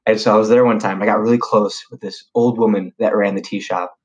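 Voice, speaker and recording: Animated young man telling stories. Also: on the low side, fast talker, dull audio. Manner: animated storyteller, lots of fillers and restarts, slangy. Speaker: podcast guest. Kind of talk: casual storytelling chat.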